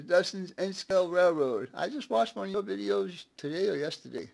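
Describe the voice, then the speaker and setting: A man's voice: sits high, normal speed, vocal fry. A man hosting a casual live stream, chatting, laughing often and greeting viewers one by one.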